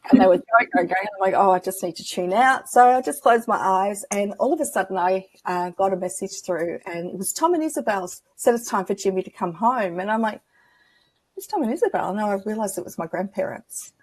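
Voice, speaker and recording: A woman's voice: mid-range voice, fairly quick, few pauses, slightly rough. A woman guest on an interview show, a spiritual medium telling personal stories in a chatty, reflective way and acting out the dialogue she remembers. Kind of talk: casual interview storytelling.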